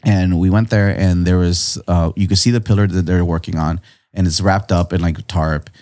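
A man, a guest artist, telling a story in casual chat, laid-back and slangy, with lively jumps in pitch whenever he quotes someone. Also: moderate pace. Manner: animated, jumps high in pitch when quoting people; slangy, laid-back, says dude and bro a lot.

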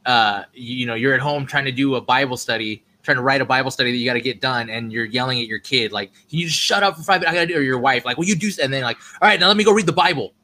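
A man with a bright, forceful voice sits in on a casual faith conversation. He keeps up quick agreeing replies and tells animated little anecdotes. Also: medium pitch.

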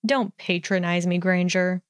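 A woman reading the part of a hostile young man, snide and contemptuous, with a smooth, dry voice. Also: lowish voice, steady tone, unhurried, no room sound, close to an everyday voice. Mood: snarling. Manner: snarling, contemptuous, swearing.

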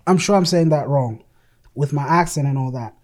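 Preacher giving a sermon, middle pitch, keeps restarting and repeating words, emphatic. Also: moderate pace, a little mellow. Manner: reads passages aloud from an article and scripture.

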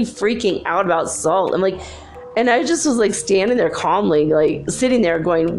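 A woman's voice: fairly low pitch, animated, moderate pace, darkish tone. A woman talking in a casual vlog monologue, rambling through a story with lots of filler words.

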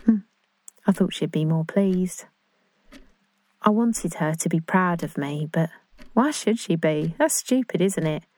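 A woman's voice: fairly low pitch, expressive, a little slow, pauses often, a little mellow, no room sound. An actress playing an earnest, awkward young woman in love. She speaks in a chatty, confiding, self-conscious English voice in a dramatic monologue. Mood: hurt.

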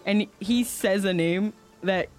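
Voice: mid-range voice, takes it slowly, faint music behind. A game master narrating a tabletop game in a loose, rambling way with many fillers.

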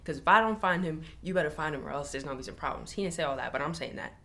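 A woman's voice: deep voice, rapid-fire, creaky. Woman steadily retelling a TV episode. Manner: steady plot narrator, blunt asides. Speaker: podcast co-host. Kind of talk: casual TV recap chat.

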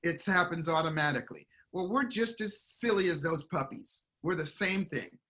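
A middle-aged man and performance coach, talking in a casual interview as an animated storyteller who acts out quoted voices. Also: a little high, normal speed. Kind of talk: casual motivational interview talk.

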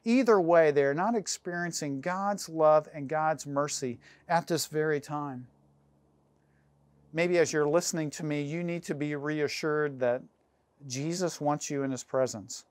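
Man, pastor, sermon, earnest, slightly high voice, dry close sound. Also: no room sound. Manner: earnest, pausing for emphasis, slowing down on key phrases.

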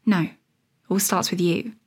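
A woman's voice: on the low side, fairly even intonation, normal speed, darkish tone, husky. Chatty rambling woman podcaster. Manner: chatty, rambling, laughs at herself. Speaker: podcast host. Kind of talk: casual solo podcast monologue.

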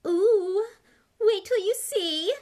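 A woman voicing a gleeful schoolgirl ghost with slow, drawn-out, high lines, in a storybook reading. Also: a little mellow, heavily acted. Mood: gloating.

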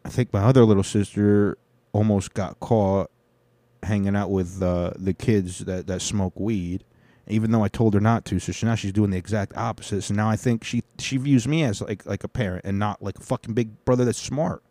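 A man's voice: lowish voice, fairly even intonation, normal speed, warm tone, no room sound. A young man, a comedian, casually rambling through a profane, boastful recap of his week. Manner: profane, digressive, swaggering.

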